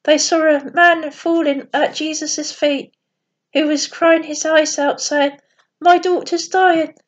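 A woman telling a bedtime story in a plain, gentle reading voice with small slips. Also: high voice, level tone, slow pace. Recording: dull lo-fi recording.

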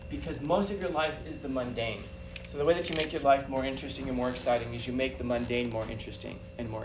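A man giving a talk to an audience, telling animated personal stories with a chatty, repetitive manner. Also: medium pitch. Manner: animated, chatty, repeats phrases. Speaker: guest speaker. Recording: distant mic with background noise.

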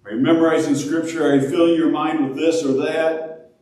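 Male pastor preaching, somewhat high voice, animated delivery, heard from a distance in a very echoey church hall. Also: fairly quick. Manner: animated, acts out prayers in a raised voice. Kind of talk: sermon.

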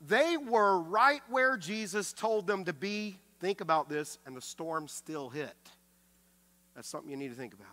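Forceful, bright-voiced male pastor preaching. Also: high-pitched, lively intonation, normal speed. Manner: emphatic preaching that swings from loud to hushed; acts out quoted speech with raised voice. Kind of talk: sermon.

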